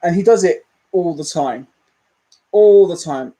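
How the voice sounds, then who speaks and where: Young guy rambling on a movie livestream, bit high voiced, open and self-mocking. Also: animated, a little slow, warm tone, rough recording. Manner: candid, rambling, self-deprecating. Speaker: movie channel host. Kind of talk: casual livestream chat.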